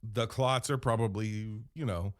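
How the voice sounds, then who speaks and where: A man hosting a podcast, rambling through a comedic in-character monologue with deadpan storytelling and self-corrections. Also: lowish voice, measured pace, dry recording, clean studio sound. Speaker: podcast host.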